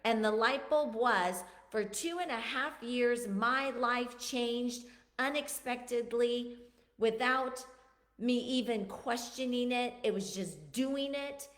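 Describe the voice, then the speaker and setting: A woman's voice: on the high side, takes it slowly, a bit bright, echoey room. A woman talking earnestly and emotionally to her viewers about her own struggles, often repeating words for emphasis. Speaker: vlogger. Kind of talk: personal confessional talk to camera.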